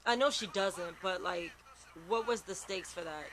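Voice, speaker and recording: A man's voice: high voice, moderate pace, sharp tone, a little hiss or hum. A man hosting a wrestling reaction video. He talks in casual, outspoken commentary, exclaims and swears often, and sounds sleepy and yawning late at night. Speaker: wrestling reaction channel host.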